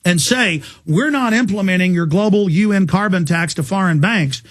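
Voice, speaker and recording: A male talk show host with a notably high voice for a man. He speaks with fiery emphasis, driving his points hard and fast like a campaign rally. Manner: fiery, emphatic and rapid-fire. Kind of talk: political talk interview.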